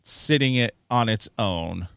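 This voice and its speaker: A man co-hosting a film review podcast, talking in a chatty, animated way with plenty of fillers. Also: lowish voice, takes it slowly, creaky, smooth, dry recording, clean studio sound. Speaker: podcast co-host. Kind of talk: casual film review chat.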